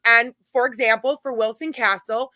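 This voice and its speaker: Forceful, chatty woman telling a story. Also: fairly high pitch, normal speed, dry recording. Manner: animated, chatty anecdote-telling with laughs. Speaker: guest, paranormal event organizer. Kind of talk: casual storytelling chat.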